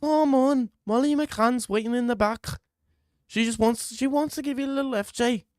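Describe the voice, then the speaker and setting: A man's voice: high voice, normal speed, a little mellow, clean tone, no room sound, studio quality, pitched above the performer's own voice, close to an everyday voice. A man voicing a pushy male booth hawker who coaxes and wheedles someone into coming in. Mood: wheedling. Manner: wheedling, coaxing, teasing.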